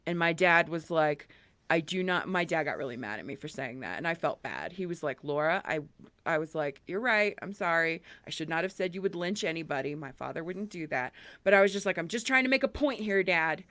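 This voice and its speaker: A woman's voice: low-pitched, lively intonation, brisk, fairly bright tone, no room sound. A woman co-hosting a casual political chat podcast, telling stories animatedly and acting out quoted dialogue. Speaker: podcast co-host.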